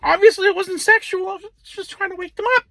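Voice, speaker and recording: A man with a high, bright voice tells a story in a casual vlog. He sounds expressive and exasperated, and he acts out the dialogue himself. The recording is close and dry, with no room sound. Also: fast, creaky, no room sound, low-quality recording. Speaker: rideshare driver.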